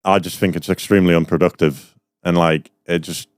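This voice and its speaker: Low-voiced young man telling a story. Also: fairly even intonation, brisk, smooth, no echo. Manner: rambling storyteller, many fillers and laughs. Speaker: podcast guest. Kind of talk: casual chat.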